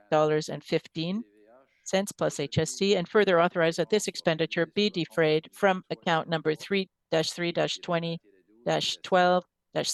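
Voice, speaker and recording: Councillor, formal resolution reading, steady, crisp voice, dry. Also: mid-range voice, no echo, poor audio. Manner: steady formal reading of figures and account numbers. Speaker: city councillor.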